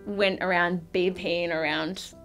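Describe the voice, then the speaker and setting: A woman's voice: on the low side, fairly even intonation, measured pace, fairly bright tone, faint music behind. A young woman shyly recalling a story in a documentary interview, with lots of fillers and restarts. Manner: hesitant, shy, many fillers and restarts. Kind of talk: documentary recollection.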